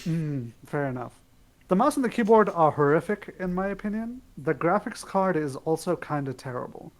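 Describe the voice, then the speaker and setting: A man co-hosting a podcast, running through news stories in a wry, opinionated, relaxed way. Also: fairly high pitch, moderate pace. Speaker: podcast co-host. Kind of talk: casual news chat.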